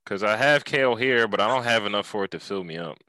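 A man's voice: lowish voice, fast, pushed and bright, dry recording, low-quality recording. A man hosting a casual podcast chat, joking around and swearing freely. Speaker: podcast host. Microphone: headphones and mic.

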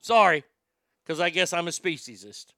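A man's voice: a little high, animated, normal speed, bright, forceful tone, no room sound, studio quality. A man hosting a comedy podcast, rambling and joking crudely, often stammering and repeating words. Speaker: podcast host.

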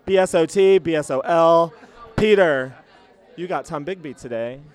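A man with a slightly high, worn-out voice hosts a loose podcast chat at a busy venue after a show. He is excitable and theatrical, and laughs between remarks. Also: moderate pace, some chatter behind. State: voice worn out after a night of singing. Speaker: podcast host. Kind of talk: casual chat at a concert.

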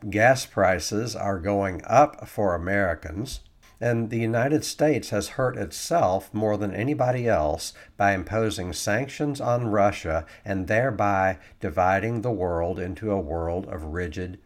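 A man giving political commentary, reading quotes aloud and adding sarcastic asides. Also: on the low side.

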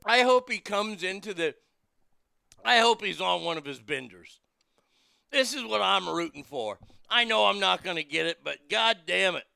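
Brash, profane man with a bright gravelly voice. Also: high-pitched, expressive, normal speed, no echo. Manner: brash, profane, laughing at his own jokes; reads news items aloud and riffs on them. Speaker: talk show host. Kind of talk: casual political commentary.

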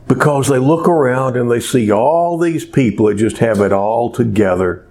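A pastor preaching a sermon to a small church, reading scripture and then speaking in a measured way, lifting his voice for emphasis. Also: medium pitch, animated, darkish tone.

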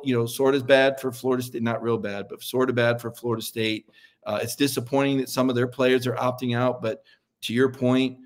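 A middle-aged man talks in a mid-pitched voice. He argues his points in a folksy, opinionated way, often restarting a phrase as he gathers steam. The feel is a casual sports debate between two co-hosts. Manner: opinionated, folksy, repeats words when building a point. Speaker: sports columnist and co-host.

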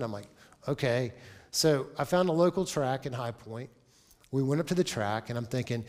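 A man in his forties preaching a sermon as pastor, telling a story with lively acted-out dialogue. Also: on the high side, moderate pace. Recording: long reverb of a large hall.

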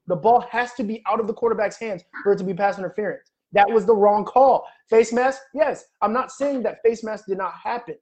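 High-voiced man arguing football calls. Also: fairly quick, hardly any pauses, darkish tone. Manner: argumentative, emphatic, profane. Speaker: podcast co-host. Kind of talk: heated casual sports debate.

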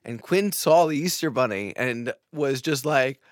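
A man's voice: medium pitch, a little slow, no room sound, studio quality. A man co-hosting a podcast in casual chat, telling stories with laughter and swearing. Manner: animated storyteller, laughs and swears. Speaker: podcast co-host.

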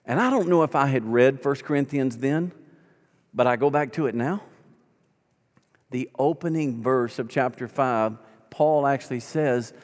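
A man's voice: medium pitch, unhurried, pauses often, long reverb tail. A man in his sixties, a pastor telling stories in a conversational, folksy sermon style. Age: 60s. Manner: folksy, conversational, acts out quoted dialogue. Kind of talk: storytelling sermon.

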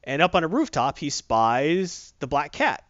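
A man casually recapping a comic book, animated and rambling, correcting himself as he goes. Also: a little high, a little slow, no echo, dull audio.

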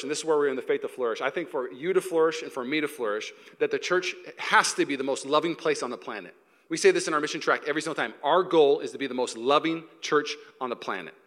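A man from Seattle preaching a lively sermon to his congregation in a church, sometimes acting out shouting sports fans. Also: fairly high pitch, in a large hall. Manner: animated, acts out shouting fans. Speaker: pastor.

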